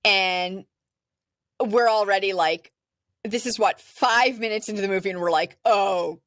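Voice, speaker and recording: A woman's voice: mid-range voice, normal speed, fairly bright tone, no room sound, studio quality. A woman co-hosting a podcast, casually recounting a film's plot step by step with a chatty, filler-laden manner. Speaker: podcast co-host. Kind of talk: casual movie discussion.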